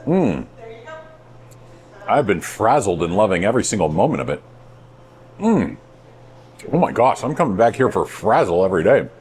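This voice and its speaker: A man in his thirties hosting a casual food review vlog, playful and self-mocking with deadpan jokes. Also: lowish voice, brisk. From United States. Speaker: host.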